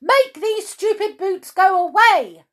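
A woman voicing a bossy little storybook lady, shrill and demanding. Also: slow pace. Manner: shrill, commanding.

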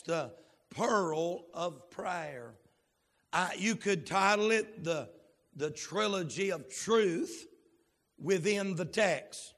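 High-voiced, fervent preacher man. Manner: fervent, with sudden whoops and shouted emphasis; drawls key words, frequent "uh" fillers. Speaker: pastor. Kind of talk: sermon with opening prayer. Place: church sanctuary. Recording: long hall reverb.

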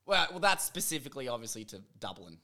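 Bright man hosting a joking chat. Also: mid-range voice, big pitch swings, fast. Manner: joking, laughs a lot, swears casually. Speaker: podcast host. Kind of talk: casual chat.

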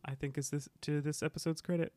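A man co-hosting a podcast in casual chat, playful, quick to react and laughing often. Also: a little high, flat delivery, a little mellow, no room sound. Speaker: podcast co-host.

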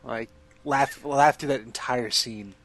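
A man's voice: medium pitch, slow pace, fairly bright tone. A man co-hosting a casual podcast, rambling through a story and giggling throughout. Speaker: podcast co-host. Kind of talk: casual chat.

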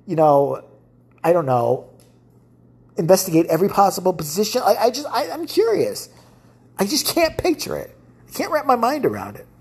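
A woman's voice: mid-range voice, a little mellow, slightly rough. A woman hosting a solo podcast, ranting bluntly and profanely with lots of restarts. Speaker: podcast host. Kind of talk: casual solo podcast rant.

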